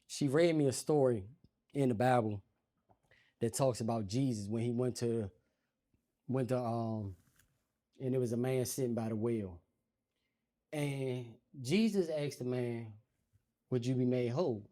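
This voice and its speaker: A man's voice: medium pitch, measured pace, pauses often. A man doing stand-up storytelling on a comedy stage, acting out quotes in a raised voice. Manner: animated, acts out quotes in raised voice.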